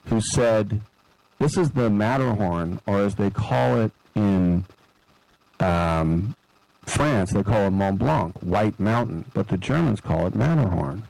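Middle-aged male sports host, low gravelly voice, dry close mic, rambling chatty delivery. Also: darkish tone, no echo, low-quality recording. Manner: chatty, digressive, acts out quoted voices. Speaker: sports talk show host. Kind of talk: casual sports commentary monologue.

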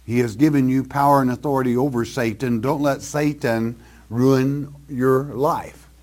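Male preacher, measured and unhurried, emphatic, folksy scripture teacher. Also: medium pitch, fairly even intonation, a little mellow. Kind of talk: verse-by-verse Bible teaching.

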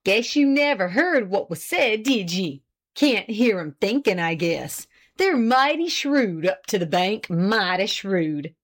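A woman's voice: mid-range voice, sing-song, slow pace. A woman voicing a self-important older country husband who boasts in a rustic dialect. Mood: boastful.

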